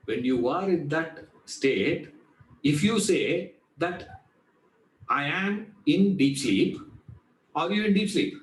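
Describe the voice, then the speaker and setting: A man's voice: a little high, animated, slow, long pauses, roomy sound, rough recording. A man teaching a Vedanta class in a chatty way, asking rhetorical questions and answering them. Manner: conversational, repeats "you know", asks rhetorical questions and answers them. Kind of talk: spoken class lecture.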